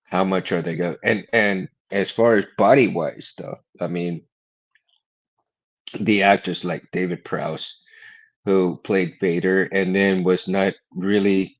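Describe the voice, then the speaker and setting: A low-pitched man talks in a loose, rambling way, restarting his sentences and chuckling between thoughts. The sound is dull and lo-fi, like a modest home recording. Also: darkish tone. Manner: rambling, repeats words, laughs often. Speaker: host. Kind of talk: casual chat.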